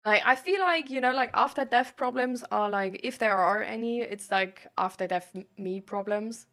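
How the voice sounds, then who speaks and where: A woman's voice: a little high, normal speed, fairly bright tone. A young woman streaming and answering chat questions in casual talk, rambling with lots of "like" and "um". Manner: rambling, fills every phrase with "like" and "um".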